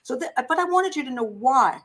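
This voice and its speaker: A woman's voice: high voice, expressive, fairly quick, fairly bright tone, rough recording. A middle-aged woman hosting a casual live stream, rambling and chatty as she reads out viewer comments. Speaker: host.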